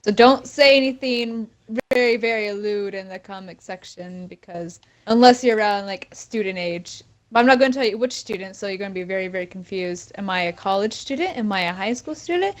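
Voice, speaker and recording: A woman's voice: mid-range voice, animated, fairly quick, hardly any pauses. Teasing young woman guest. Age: young adult. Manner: playful, teasing. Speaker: podcast guest. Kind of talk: casual chat.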